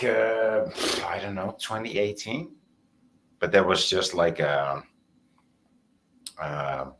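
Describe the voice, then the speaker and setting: Low-voiced man chatting hesitantly. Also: sharp tone. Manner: hesitant, filler-heavy, reflective. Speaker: podcast co-host. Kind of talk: casual chat.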